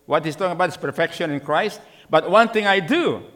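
Animated and brisk, a middle-aged man delivers a sermon as pastor in a fairly high, somewhat bright voice. He peppers the congregation with questions and performs the voices of characters from scripture.

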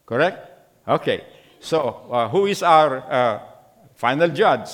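A man's voice: medium pitch, lively intonation, slow, a bit bright. A middle-aged man preaching a sermon as pastor, asking the congregation many questions and acting out voices from scripture. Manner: acts out voices in the scripture story.

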